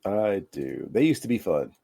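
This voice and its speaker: A man co-hosting a casual podcast, rambling with halting restarts. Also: deep voice, big pitch swings, vocal fry, mellow, breathy edge. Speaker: podcast co-host. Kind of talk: casual chat.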